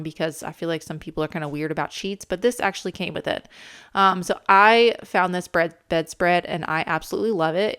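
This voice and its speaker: Young female DIY host, enthusiastic and casual, smooth low-pitched delivery. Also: fairly bright tone. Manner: chatty, many ums, enthusiastic. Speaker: channel host, camper renovator. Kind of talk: casual voice-over narration.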